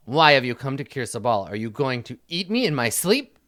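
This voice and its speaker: A man voicing a defiant little boy prince in a bird mask, speaking slowly and solemnly in a boastful way. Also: mid-range voice, very animated, sharp tone.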